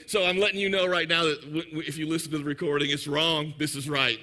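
A man preaching a lively, joking sermon in church, sometimes shouting for emphasis. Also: fairly high pitch, fast. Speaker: pastor. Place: church sanctuary.

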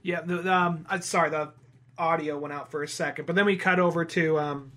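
Chill podcast dude, swears a lot, bright, higher voice. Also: male voice, fairly even intonation, fairly quick. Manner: laid-back, profane, trails off mid-sentence. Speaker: podcast co-host. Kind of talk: casual chat.

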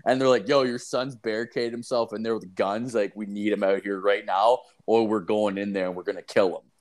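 A young man talks casually with a friend, telling a story in a rambling, profane way. He leans on fillers and swears often, keeping it animated and unpolished. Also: lowish voice, brisk. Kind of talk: casual chat.

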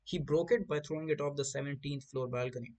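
A man's voice: on the high side, fairly even intonation, fast, a little mellow, low-quality recording. A man hosting a podcast, telling rambling stories in casual chat with lots of swearing and stumbling restarts. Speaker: podcast host.

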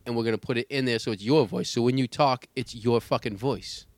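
A man co-hosting a casual chat, animated and joking, swearing freely. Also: medium pitch, fairly quick, dry recording.

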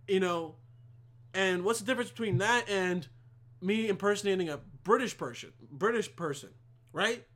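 Give me a young man in a crude, rambling rant, with a very lively, high voice. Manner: crude, rambling and emphatic, heavy swearing. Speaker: vlogger. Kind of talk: profane comedic rant.

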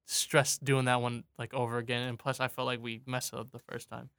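Bright, clear-voiced male podcast host. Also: medium pitch, flat delivery, brisk, no echo. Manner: loose, rambling, addresses listeners as folks. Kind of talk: casual podcast chat.

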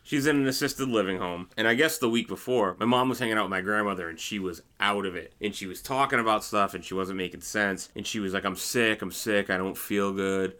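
A man's voice: on the low side, fast talker, few pauses. A man in his late thirties, co-hosting a podcast and telling stories in casual chat, laughing often. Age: 30s. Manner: animated storyteller, laughs often. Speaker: podcast co-host.

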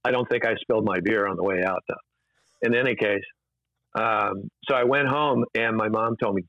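A man's voice: fairly low pitch, moderate pace, dry recording. A man, an interview guest, telling rambling anecdotes casually with many fillers and restarts, in a dull, dry lo-fi recording.

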